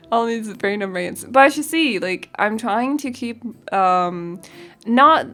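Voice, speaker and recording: A young woman rambles along in a relaxed voice-over, giggling and often stopping to hunt for the right word. Her voice sits at an ordinary middle pitch, with soft music playing faintly behind her. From Denmark. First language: Danish. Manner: rambling and giggly, searching for words. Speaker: game builder. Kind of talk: casual voice-over chat.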